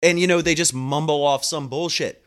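A man's voice: a little high, fairly even intonation, normal speed, clean tone. A man telling a story about his patients in a blunt, emphatic, casual monologue. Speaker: home health clinician.

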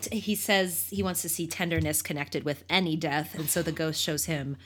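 A woman's voice: low-pitched, steady tone, moderate pace, hardly any pauses. A woman co-hosting a podcast, retelling a book with enthusiasm and frequent laughter. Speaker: podcast co-host. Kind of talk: casual chat about a book.

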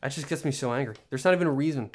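A man's voice: mid-range voice, racing. A young man hosting a solo podcast, rambling in an exasperated, joking rant with many restarts. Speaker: podcast host.

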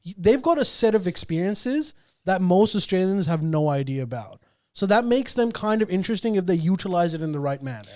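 Guy from pakistan with a high voice, rambling sweary podcast chat. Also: big pitch swings, fairly quick, a little mellow. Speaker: podcast host. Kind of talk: casual chat.

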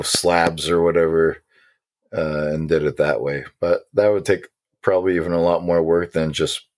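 A man co-hosting a casual conspiracy podcast, rambling with many ums and restarts. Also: low-pitched. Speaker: podcast co-host.

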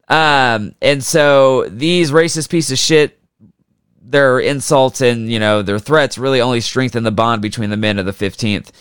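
Male podcast host, casual and crude storytelling, smooth clear voice, dry close-mic sound. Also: medium pitch, a little slow, a bit bright, no echo. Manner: profane, jokey, does mocking voices for historical figures.

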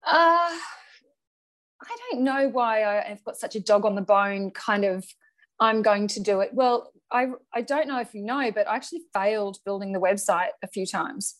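A middle-aged woman, a guest in a conversational interview, telling her story in an animated way and often laughing. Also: medium pitch, moderate pace. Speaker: guest, charity founder.

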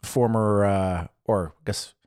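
A man's voice: fairly low pitch, fairly even intonation, slow, a little mellow, smooth, dry recording, clean studio sound. A man co-hosting a podcast in casual chat, laughing often and talking with lots of fillers and restarts. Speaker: podcast co-host.

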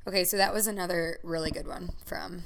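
A woman's voice: on the low side, steady tone, brisk, fairly bright tone, slight background noise. A young adult woman co-hosting a podcast, telling stories casually with lots of fillers and laughter. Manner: laughing, storytelling, trails off with fillers. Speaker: podcast co-host. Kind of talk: casual chat.

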